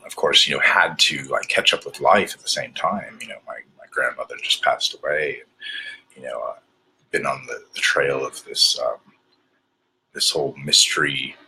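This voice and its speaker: A mentally exhausted vlogger rambles through a candid video diary, hesitant and full of fillers, putting on what he himself calls a bad British accent. His voice is a rumbling low, pushed and bright, with a little hiss or hum in the background.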